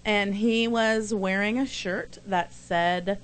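A woman's voice: mid-range voice, fairly even intonation, slow, smooth. A woman co-hosting a casual chat show and telling stories in a chatty, emphatic way. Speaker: co-host.

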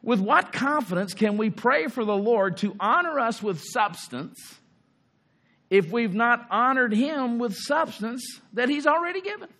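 A man preaching a sermon in an earnest way, rising for emphasis and slowing down on key phrases. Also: extremely high pitch, expressive, pushed and bright. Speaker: pastor.

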